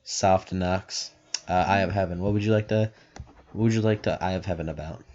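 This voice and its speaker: Casting note: low-voiced male game master, rambling, lo-fi sound. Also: fairly even intonation, a little fast, darkish tone. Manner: rambling, filler-heavy explaining. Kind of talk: narrating a tabletop game.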